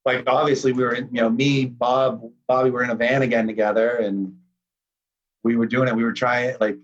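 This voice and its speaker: Podcast guest: relaxed, rambling man with a husky voice on a dull, lo-fi call line. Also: mid-range voice, a little fast. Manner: laid-back, rambling with many fillers. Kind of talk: casual conversation.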